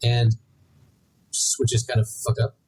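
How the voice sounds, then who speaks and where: A young man co-hosting a podcast in casual chat, with a slightly husky, breathy voice. His pitch sits in a middle range. He rambles and restarts his sentences often as he works through an idea. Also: monotone, measured pace, a little mellow, rough recording. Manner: rambling, many restarts and fillers. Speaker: podcast co-host.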